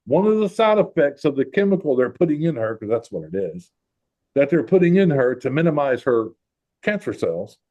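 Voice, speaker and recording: Man, host, casual storytelling, lively delivery, acts out quotes. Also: medium pitch, moderate pace, dull audio. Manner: animated, acts out quoted voices.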